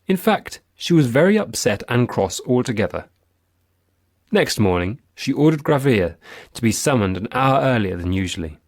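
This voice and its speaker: A man's voice: fairly low pitch, lively intonation, moderate pace, dry recording. Man narrating a classic tale, dry close sound. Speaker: audiobook narrator. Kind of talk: scripted narration of a classic story.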